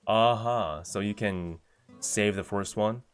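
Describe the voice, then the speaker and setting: A man with a fairly low voice hosts a relaxed livestream. He reads out viewer messages and answers each one in a chatty, unhurried way. Soft guitar music plays faintly underneath. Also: smooth. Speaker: streamer reading chat. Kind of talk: casual livestream chat.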